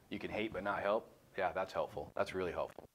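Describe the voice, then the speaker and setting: A man with a fairly low voice teaches a small group in a relaxed, chatty way. He jokes and talks bluntly as he works through the passage, and he often breaks in with his own remarks. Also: moderate pace, slight background noise. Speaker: small group Bible study leader. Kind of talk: casual Bible study teaching. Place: room with a small group, streamed live.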